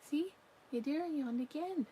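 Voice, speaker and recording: A woman's voice: sits high, normal speed, warm tone, slight background noise, poor audio. A woman chatting casually on a crafting live stream, reading out viewer comments and yawning now and then. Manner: chatty, yawning, talks to her pet between comments. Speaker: livestream crochet crafter. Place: home.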